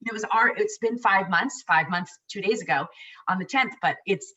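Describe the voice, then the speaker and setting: A woman's voice: mid-range voice, moderate pace, pushed and bright, distant mic, highs cut off. A woman in her forties telling her own birth story in casual chat, emotional and rambling with many restarts.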